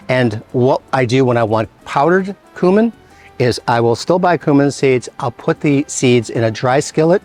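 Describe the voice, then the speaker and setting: A man at a middle pitch hosts a cooking demonstration as a chef. He explains each step in a relaxed, conversational way and drops in playful little asides. Faint music plays quietly behind him. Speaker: chef and show host.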